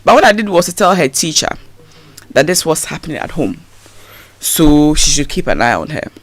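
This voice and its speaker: Woman guest on radio, super lively up and down voice, dry studio sound. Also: sits low, moderate pace, dry recording. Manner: animated storyteller acting out quoted speech. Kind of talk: personal story in a radio interview.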